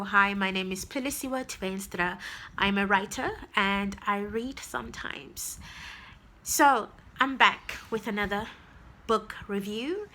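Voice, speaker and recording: A woman with a Zimbabwean accent giving an excitable, gushing book review vlog, with laughing, breathless asides. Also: medium pitch.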